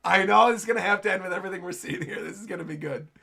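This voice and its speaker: A man's voice: high-pitched, racing, creaky, bright, forceful tone. A man hosting a livestream and reacting to a manga chapter, enthusiastic as he reads his chat aloud. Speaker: livestream host.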